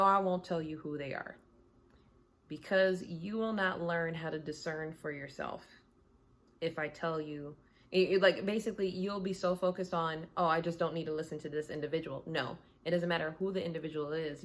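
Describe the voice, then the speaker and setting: A woman with a notably low voice talks casually from her home. She gives her views as a tarot reader in a blunt, candid, conversational way. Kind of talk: casual chat.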